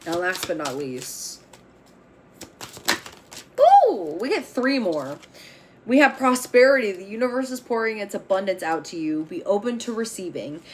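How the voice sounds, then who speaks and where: A woman's voice: mid-range voice, expressive, normal speed, a little hiss or hum. A woman reading tarot cards on a spiritual vlog, speaking bluntly and with fiery emphasis, swearing freely as she makes bold declarations. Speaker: tarot reader.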